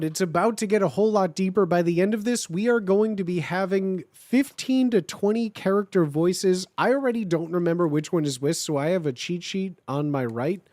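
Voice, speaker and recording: A streamer reading fan fiction aloud on a live stream, chatty and excitable, talking straight to the chat. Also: mid-range voice, dry recording, studio quality.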